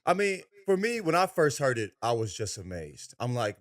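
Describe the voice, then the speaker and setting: A man's voice: mid-range voice, sing-song, normal speed, few pauses. A man co-hosting a sports podcast, talking in a casual, profane, slang-heavy way. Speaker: podcast co-host.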